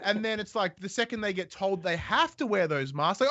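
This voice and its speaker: A man's voice: sits high, animated, fairly quick, pushed and bright. A man who works in day programs, talking earnestly and a bit rambling on a video call. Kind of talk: casual group video chat. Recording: dull dry call audio.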